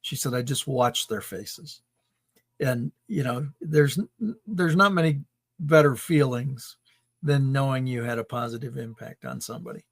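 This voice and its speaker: A man hosting a podcast interview, speaking in a calm, affirming and reflective way. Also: medium pitch, measured pace, no room sound. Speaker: podcast host. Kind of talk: casual interview chat.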